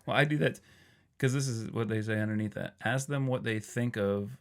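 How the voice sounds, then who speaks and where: A man's voice: medium pitch, brisk. A man in his forties co-hosting a podcast, chatting casually, often laughing as he reads items from a list. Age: 40s. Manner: joking, laughs often while reading a list aloud. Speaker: podcast co-host. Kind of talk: casual chat.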